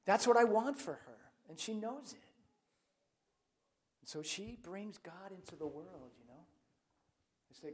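High-voiced animated priest preaching. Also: male voice, unhurried, pauses often. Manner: chatty, animated, self-mocking humor. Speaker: Catholic priest. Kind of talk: lively sermon with personal stories.

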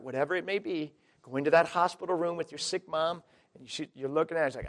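A male preacher with a somewhat high voice delivers a sermon in a loose, conversational way. He talks straight to his listeners, calling them folks, and his volume rises and falls for emphasis. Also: fast. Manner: conversational, emphatic, swings between loud and quiet; addresses listeners directly as folks.

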